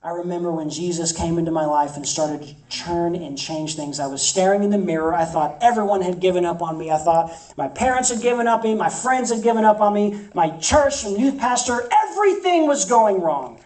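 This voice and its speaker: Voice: medium pitch, expressive, fairly quick, few pauses, darkish tone, roomy sound, distant mic, rough recording. A campus ministry preacher delivering an emphatic sermon, repeating phrases for effect.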